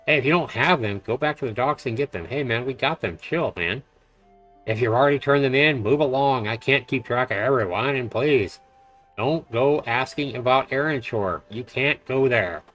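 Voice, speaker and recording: A man's voice: medium pitch, moderate pace, fairly bright tone, soft background music, natural voice. A man voicing an impatient grown male dock official in a video game, curt and brusque.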